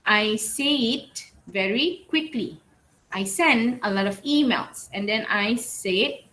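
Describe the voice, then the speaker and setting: A woman's voice: a little high, a bit bright, low-quality recording. A woman lecturer teaching an online class, checking in often with "all right" and "okay" and stressing keywords as she repeats them. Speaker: university English lecturer.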